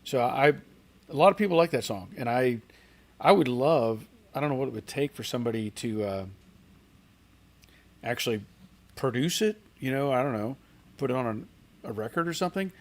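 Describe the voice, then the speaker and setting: A man's voice: mid-range voice, lively intonation, normal speed, long pauses. Chatty middle-aged man hosting a livestream. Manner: chatty, rambling, reads out viewer comments. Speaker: host of a car channel livestream. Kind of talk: casual livestream chat.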